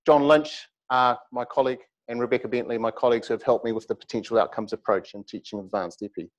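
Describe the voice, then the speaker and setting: A middle-aged man giving a university lecture, lively and animated with humorous asides. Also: mid-range voice, quick pace, dull audio. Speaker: academic lecturer.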